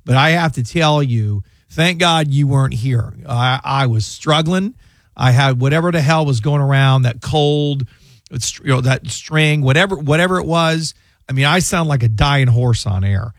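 Speaking at medium pitch and normal speed, this lawyer and radio host chats casually on his studio talk show, wandering off into side stories and restarting often. A close studio microphone captures him with no room sound.

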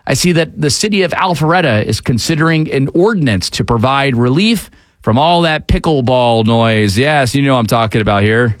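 A man's voice: medium pitch, normal speed, no room sound. Opinionated male talk host, dry sound. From Atlanta area, USA. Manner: conversational and opinionated, with frequent fillers. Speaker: news talk show host. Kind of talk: casual news commentary.

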